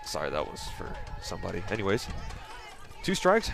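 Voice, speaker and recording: Man, softball color commentary, outdoors, animated pitch, teasing, laughs a lot. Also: brisk, vocal fry, a crowd in the background.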